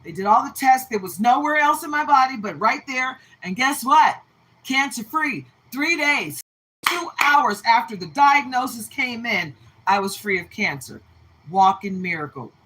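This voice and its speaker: A woman's voice: medium pitch, sharp tone, low-quality recording. A woman reading tarot on a livestream, chatting in an emphatic, talkative way and greeting viewers by name. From Texas. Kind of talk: casual livestream chat.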